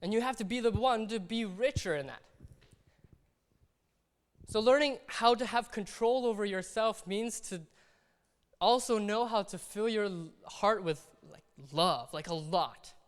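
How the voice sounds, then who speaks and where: High-voiced pastor in a reverberant hall. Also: male voice, unhurried, smooth. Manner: conversational, acts out little scenes. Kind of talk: sermon. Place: church hall.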